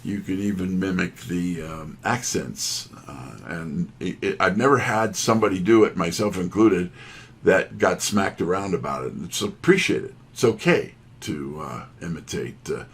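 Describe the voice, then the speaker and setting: A man's voice: deep voice, a little hiss or hum. A middle-aged man, a sales trainer, telling folksy, self-deprecating stories from his career. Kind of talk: storytelling talk.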